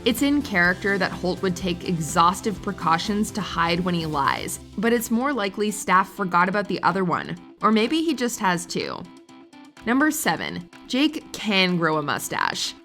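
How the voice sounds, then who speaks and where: A woman's voice: lowish voice, big pitch swings, moderate pace, sharp tone, soft background music. A woman narrating a countdown video in a scripted, upbeat and wry voice-over.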